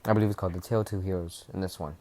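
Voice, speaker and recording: A young man casually retelling a fan-fiction story, rambling and rushed, with restarts and swearing. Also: low-pitched, steady tone, mellow.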